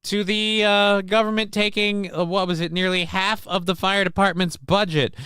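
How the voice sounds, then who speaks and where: Male podcast host, high-pitched, dry close sound, furious sarcastic political rant. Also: little pitch movement, moderate pace, sharp tone, clear, resonant tone, dry recording. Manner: angry, profane, sarcastic ranting.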